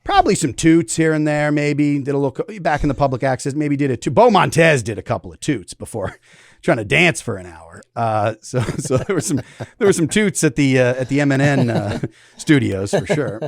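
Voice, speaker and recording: A man's voice: medium pitch, animated, moderate pace, no echo, clean studio sound. A man hosting a podcast in casual chat. He rambles loosely and laughs often. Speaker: podcast host.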